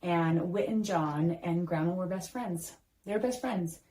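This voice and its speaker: A woman's voice: on the low side, a little slow, mellow, low-quality recording. A woman in her thirties, a podcast host, telling a heartfelt family story in a casual chat, with lots of fillers and restarts.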